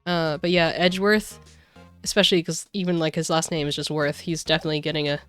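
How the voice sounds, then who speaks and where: A woman's voice: deep voice, level tone, quick pace, smooth, faint music behind. A woman streamer chatting casually and rambling while she plays a game. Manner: chatty, rambling, many fillers.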